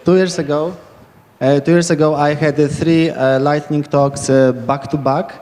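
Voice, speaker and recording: A man's voice: on the high side, steady tone, moderate pace, darkish tone. A man from Poland with a Polish accent, giving an enthusiastic, rambling lightning talk full of fillers. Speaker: speaker giving a short conference talk. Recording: echoey hall reverb.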